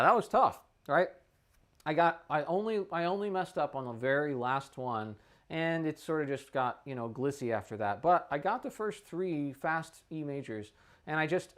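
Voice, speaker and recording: A man's voice: a little high, moderate pace. Casual male trumpet teacher. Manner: relaxed, thinking aloud with frequent fillers and throat clearing. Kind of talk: casual instructional talk. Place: practice room.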